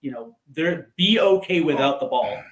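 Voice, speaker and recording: A man's voice: a little high, expressive, normal speed. Chatty man in a roomy echo. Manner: chatty, reactive, opinionated. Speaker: co-host fan. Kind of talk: casual watchalong chat.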